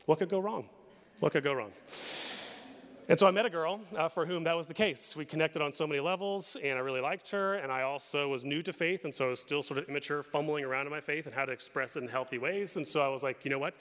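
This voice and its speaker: A man's voice: on the high side, fast talker, few pauses, fairly bright tone. A man as a pastor, preaching a sermon in a candid, storytelling way and poking fun at himself. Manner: candid, storytelling, self-deprecating. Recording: long reverb of a hall.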